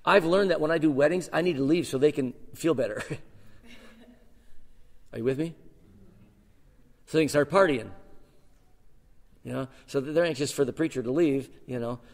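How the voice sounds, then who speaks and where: A man in his sixties, a guest pastor, preaching a sermon and telling his personal story in an animated way, with sudden swings between loud and soft. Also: fairly high pitch, a little fast, big-room sound. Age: 60s. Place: church sanctuary.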